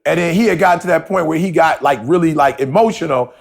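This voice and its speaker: A man's voice: on the high side, fast talker, creaky. A man co-hosting a podcast, telling a story in casual talk and repeating himself as he goes. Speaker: podcast co-host.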